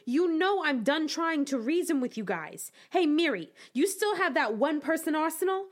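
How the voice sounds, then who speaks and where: A woman's voice: high voice, very animated, normal speed. A woman playing a tough, wry young circus performer who speaks bluntly.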